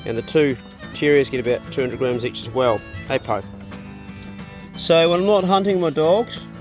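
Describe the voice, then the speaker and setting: A middle-aged man chatting casually on his farm and talking to his dogs in a relaxed way. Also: a little high. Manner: laid-back, talks to his dogs. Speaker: vlogger. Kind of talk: casual chat. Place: farmhouse.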